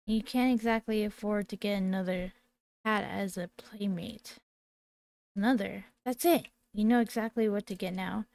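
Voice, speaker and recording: A woman in her twenties reading a text game aloud while she plays, with small slips and quick self-corrections. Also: medium pitch, vocal fry, darkish tone. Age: 20s. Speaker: gaming video creator.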